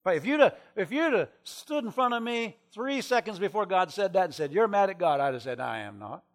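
Middle-aged male preacher, slightly high voice, sermon storytelling, drops quiet then shouts. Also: a little fast. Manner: animated, swings from hushed to shouting. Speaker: traveling preacher.

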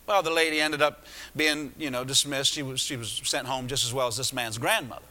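A man's voice: mid-range voice, fairly even intonation, fairly quick, pushed and bright. A man preaching a sermon, retelling a story with many restarts and asides. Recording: echoey hall.

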